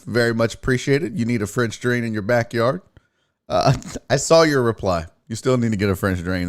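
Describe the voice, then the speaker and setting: A man's voice: on the high side, no echo, studio quality. A man hosting a sports live stream, rambling and joking with a profane, casual manner as he greets viewers by name. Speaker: sports show host.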